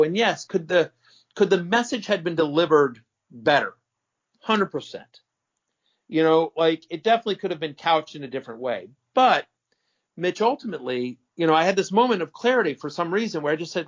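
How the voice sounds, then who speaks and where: A man's voice: a little high, fairly quick. A middle-aged man telling a story in a casual interview, rambling, restarting sentences and swearing now and then. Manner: animated, rambling, self-correcting, profane. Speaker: interview guest. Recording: dull lo-fi audio.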